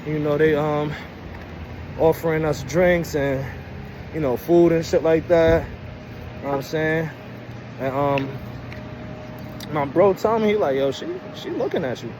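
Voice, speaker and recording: Young man, Brooklyn accent, slightly high, laid-back slangy storyteller; clear street noise outdoors. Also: measured pace, pauses often. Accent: Brooklyn, New York. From Brooklyn, New York. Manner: loose, slangy, heavy with "you know what I'm saying". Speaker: vlogger. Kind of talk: casual storytelling. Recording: noisy outdoor street recording.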